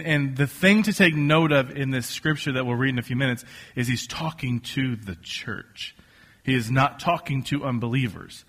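A man preaching a casual, joking sermon to a congregation, telling stories with lively asides. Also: mid-range voice. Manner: conversational, joking, animated storytelling. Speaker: pastor. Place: church stage before a congregation.

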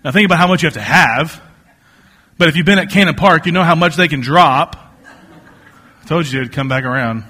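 A man's voice: on the high side, brisk, long pauses, pushed and bright, husky. A man preaching a sermon, telling stories with jokes and many fillers and restarts. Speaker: pastor.

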